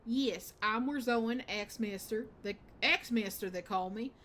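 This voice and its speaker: A woman's voice: fairly high pitch, moderate pace, a bit bright, a little hiss or hum, natural voice. A woman voicing a blunt, imposing male axemaster who speaks in a formal, declaiming way. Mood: stern.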